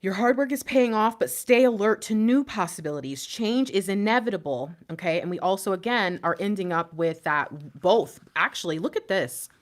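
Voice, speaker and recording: A woman giving an emotional tarot reading to her viewers, swinging between hushed whispers and loud impassioned pleading, shaking and near tears. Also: mid-range voice, lively intonation, normal speed, few pauses. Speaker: intuitive tarot reader.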